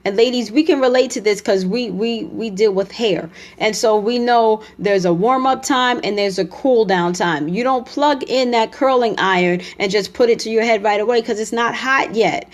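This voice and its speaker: A woman's voice: a little high, normal speed, hardly any pauses. Emphatic woman relationship coach. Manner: direct, emphatic, lecturing. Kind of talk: motivational talk.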